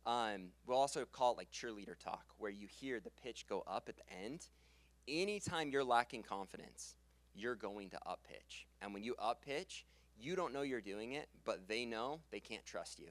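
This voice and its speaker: A young man coaching a live seminar audience on sales, energetic and quick to laugh, and he closes his sentences on a falling pitch. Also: dry recording. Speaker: sales trainer. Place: conference room with live audience. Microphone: handheld stage mic.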